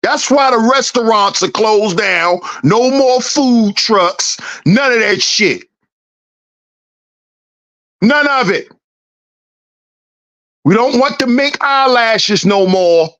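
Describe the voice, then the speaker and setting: A woman's voice: expressive, fairly bright tone, muffled recording. Woman on a teasing, sing-song rant. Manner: swings in pitch, drawn-out words. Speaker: channel host. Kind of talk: mocking rhetorical rant.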